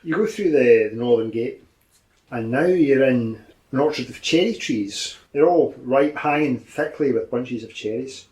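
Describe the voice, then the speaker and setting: A man narrating as game master, describing outcomes in a calm, matter-of-fact way. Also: medium pitch, unhurried, rough recording.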